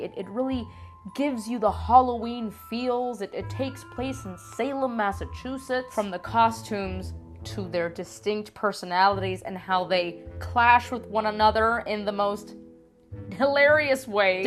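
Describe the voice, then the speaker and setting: A young woman vlogging a comedic countdown, playful and animated, tossing in Spanish words. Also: a little high. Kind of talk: casual comedic countdown vlog. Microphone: lapel mic.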